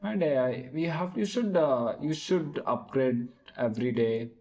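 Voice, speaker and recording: A man with a mellow, soft-edged voice practices spoken English out loud. He talks haltingly, searches for words and restarts his sentences often as he works through each answer. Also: mid-range voice, rough recording. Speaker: English learner practicing speaking.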